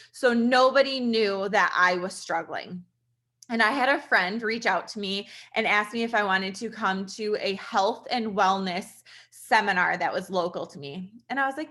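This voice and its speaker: Woman, 30s, nurse; bright, chatty, earnest testimonial delivery. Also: mid-range voice, moderate pace. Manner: earnest, chatty, fillers like "like" and "you guys". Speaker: registered nurse sharing a testimonial. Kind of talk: casual personal testimonial to an audience.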